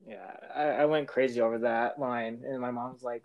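A young man in relaxed podcast banter, easygoing and unhurried. His voice sits at a middle pitch. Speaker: podcast co-host. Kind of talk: casual chat.

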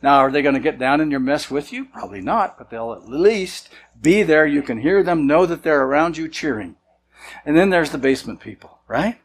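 A man's voice: on the high side, lively intonation, a little fast, breathy edge, poor audio. A man, a senior church leader, preaching a sermon in a casual, conversational way, sometimes acting out the voices of people he quotes. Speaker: pastor.

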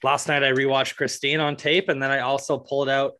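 A man's voice: mid-range voice, flat delivery, a little fast, sharp tone. A man co-hosting a podcast, chatting casually about movies in a rambling way, with lots of fillers and swearing. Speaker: podcast co-host.

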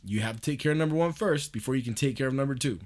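A man's voice: mid-range voice, rapid-fire, a little mellow. A man hosting a podcast in a loose, profane monologue, laughing often as he talks. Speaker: podcast host.

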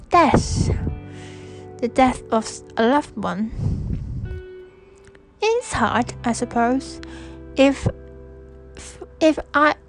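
A woman's voice: on the high side, poor audio. A young woman from Hong Kong hosting a podcast, talking in a hesitant, reflective monologue full of restarts. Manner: soft-spoken, hesitant, with frequent restarts and fillers. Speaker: podcast host.

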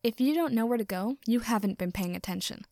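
A woman's voice: on the high side, fairly quick, a little mellow, no echo, clean studio sound, lightly acted. A woman doing a snarling young vampire guy. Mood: scornful. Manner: snarling, swearing, aggressive. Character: brash shouting young male vampire.

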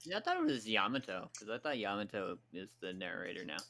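A playful man co-hosting a podcast and trading quips in easygoing chat. His voice is bright and forward, and his pitch moves a lot, rising high and dropping low. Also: wildly swooping pitch. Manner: playful, quick to laugh and tease. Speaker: podcast co-host. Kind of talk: casual chat.

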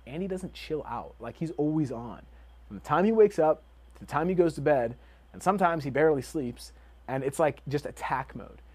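A young man giving an energetic, casual motivational talk with quick bursts and lots of fillers. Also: fairly high pitch, breathy edge.

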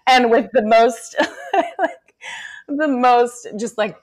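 A woman's voice: fairly high pitch, takes it slowly. Chatty woman telling a story. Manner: animated storytelling with lots of fillers. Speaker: podcast co-host and mother. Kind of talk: casual chat.

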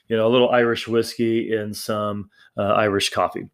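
A man's voice: medium pitch, steady tone, normal speed, clear, resonant tone. A man hosting a podcast on his own, talking in a rambling, chatty way with lots of fillers and restarts. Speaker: podcast host. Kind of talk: casual solo podcast talk.

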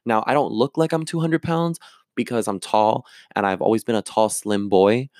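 A man's voice: on the low side, normal speed, darkish tone, no echo. A young man talking candidly in a rambling confessional vlog, with many fillers and restarts, at times close to tears. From Florida. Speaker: actor and vlogger.

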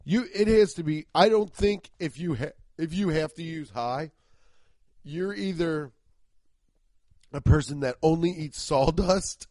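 A man's voice: a little high, unhurried, no echo. Congested man rambling on a comedy podcast. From Cincinnati, Ohio. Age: 30s. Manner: rambling, profane, excitable. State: congested and sniffly from allergies. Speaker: podcast host. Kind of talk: casual comedic monologue.

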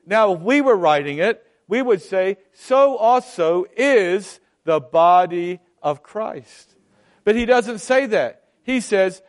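A man preaching a sermon, emphatic and deliberate, often repeating phrases for weight. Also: sits high, animated.

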